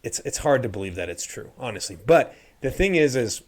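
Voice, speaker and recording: A man's voice: medium pitch, very animated, brisk. A middle-aged man hosting a podcast, chatting casually and telling a rambling story with many restarts. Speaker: podcast host. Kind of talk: casual chat.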